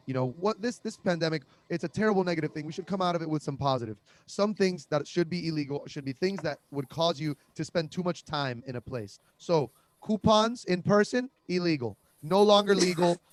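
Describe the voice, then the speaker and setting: A young man doing a conversational comic monologue, deadpan and absurd, with lots of fillers, over a video call. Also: on the high side, fast, hardly any pauses. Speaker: comedian. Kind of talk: stand-up style comic monologue.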